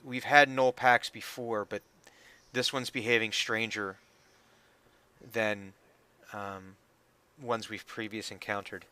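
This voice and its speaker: Casting: man as a soft-spoken elf elder, grave and halting, bright clear tone. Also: flat delivery, no room sound. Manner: measured, hesitant, low and quiet. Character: calm male elf elder.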